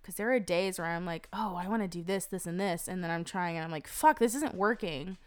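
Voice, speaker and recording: A woman's voice: on the low side, a little fast, clear, resonant tone, dry recording. A young woman chatting as a podcast guest, rambling and candid, swearing often. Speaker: podcast guest, web designer. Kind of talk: casual podcast chat.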